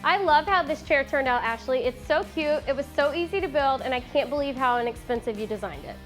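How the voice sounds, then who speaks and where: A woman's voice: high voice, animated. A woman, co-hosting a DIY tutorial in a bubbly, teasing way. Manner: bubbly, teasing, quick to laugh. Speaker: DIY builder and co-host. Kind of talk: casual build tutorial with bloopers. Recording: music playing behind.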